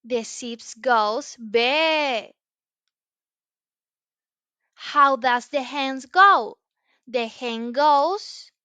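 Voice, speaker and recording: A woman teaching a children's English lesson in a slow, exaggerated, encouraging sing-song way, with frequent praise. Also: high voice, pushed and bright, smooth, no echo. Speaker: English teacher for young learners.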